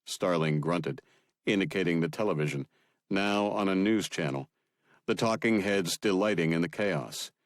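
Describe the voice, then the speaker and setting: Man, audiobook narrator, measured, very deep voice. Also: dry recording, studio quality.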